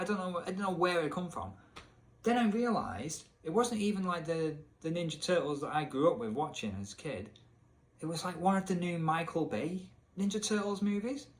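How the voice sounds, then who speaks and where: A man hosting a comedic video rant about a game, talking in an exasperated, sarcastic way that jumps up in pitch when he is incredulous. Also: lively intonation, a little fast. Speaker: video essay host.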